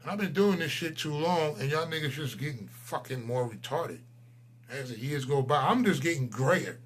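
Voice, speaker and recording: A man's voice: expressive, normal speed, husky. Heated man in his forties ranting. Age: 40s. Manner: profane, heated, swings between loud outbursts and low mutters. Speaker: channel host. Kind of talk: ranting monologue to camera.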